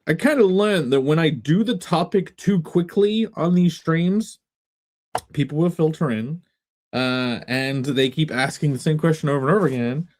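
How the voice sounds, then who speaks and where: A man's voice: normal speed, a little mellow. An English man chatting casually on a live stream from a half-emptied room at home, meandering and wry. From England. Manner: meandering and wry, with big pitch swings.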